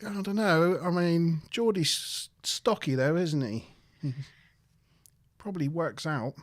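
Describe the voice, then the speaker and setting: A man talks through a television episode as a co-host in a loose, joking way, his voice sitting a touch high. The sound is dry and close with no room echo. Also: unhurried. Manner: recaps plot with playful quoted voices and laughs. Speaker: podcast co-host. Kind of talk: casual review chat.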